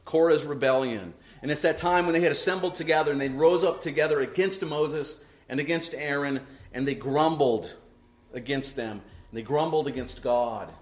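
A man's voice: a little high, moderate pace. A middle-aged man preaching a sermon to his congregation, emphatic and full of rhetorical questions tagged with "right?". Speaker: pastor. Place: church sanctuary. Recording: echoey church room.

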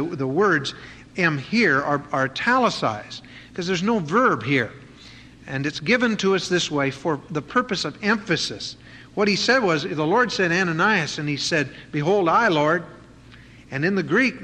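A man with a fairly high, pushed and bright voice preaches an expository sermon conversationally, full of fillers and restarts. The recording has faint noise and the long reverb of a hall.

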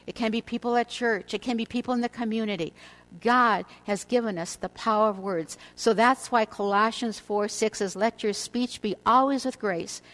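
A woman's voice: fairly high pitch, a bit bright, rough recording. Earnest older woman teaching scripture. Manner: measured, earnest, slows for emphasis. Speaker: women's Bible teacher. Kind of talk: devotional teaching to women.

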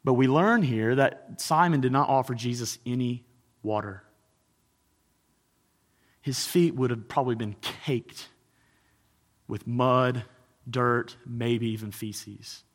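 A man preaching a sermon as a pastor, swinging between loud emphasis and hushed intensity. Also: mid-range voice, slow pace, long pauses, big-room sound.

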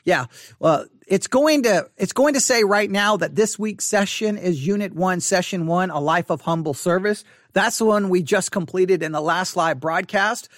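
A man teaching an informal online Bible study, earnest and repetitive, slowing down to repeat key references. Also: high-pitched, no echo, studio quality. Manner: repetitive, earnest, restarts and emphatic slow repeats.

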